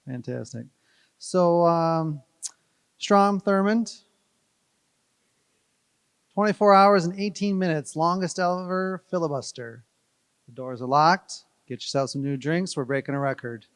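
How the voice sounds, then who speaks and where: A man's voice: on the high side, a little slow, pauses often, clean tone, no echo. A man giving a playful, rambling wedding speech at a reception, joking with the crowd. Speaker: wedding guest giving a toast.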